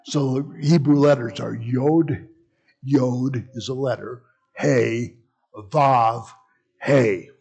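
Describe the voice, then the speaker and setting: A man's voice: medium pitch, steady tone, very slow, vocal fry, a little mellow, husky, highs cut off. A man teaching a Bible class in a conversational way, with frequent asides and restarts. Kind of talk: casual teaching talk.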